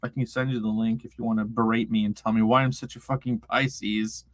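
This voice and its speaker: A man's voice: on the low side, level tone, brisk, no room sound. A young man casually streaming, reading chat aloud, laughing often and swearing freely.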